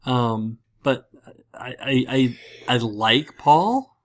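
A man's voice: mid-range voice, lively intonation, drawn-out words. A man hosting a casual podcast, rambling and self-mocking, with lots of fillers. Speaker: podcast host.

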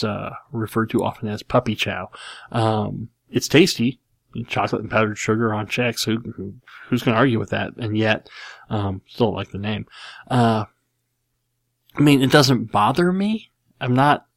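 A man's voice: medium pitch, creaky, no room sound. A man in his forties hosting a casual show, reading out listener questions and answering them in a rambling, self-deprecating way with frequent chuckles. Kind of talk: casual chat.

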